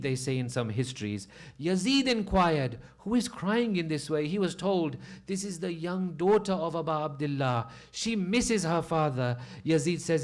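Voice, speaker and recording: A man with a high voice delivers a mournful commemorative sermon. He tells the story with open grief, his voice climbing into a loud, aching lament. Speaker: preacher.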